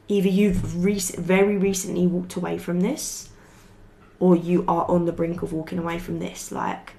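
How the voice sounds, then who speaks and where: A woman's voice: on the low side, vocal fry, a little mellow. A young woman giving a casual tarot reading to camera, rambling and chatty, swearing freely and saying "like" often. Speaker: tarot reader.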